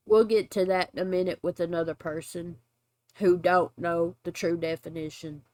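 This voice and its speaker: A woman hosting a commentary channel, narrating online drama in a measured, indignant voice-over. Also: fairly low pitch, fairly even intonation, a little mellow, no room sound. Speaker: YouTube commentary host.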